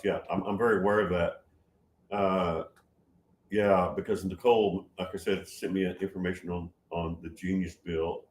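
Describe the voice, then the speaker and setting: A man in his seventies hosting a casual livestream, reading viewer comments and answering them, getting loud and excited with many restarts. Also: deep voice, a little slow, echoey room, slight background noise. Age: 70s. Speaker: livestream host answering chat.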